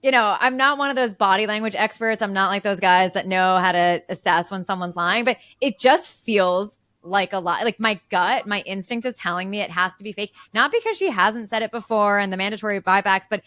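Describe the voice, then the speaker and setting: A woman's voice: mid-range voice, a little fast, few pauses, fairly bright tone, no echo. Dry-sounding woman podcast co-host. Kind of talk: casual political chat.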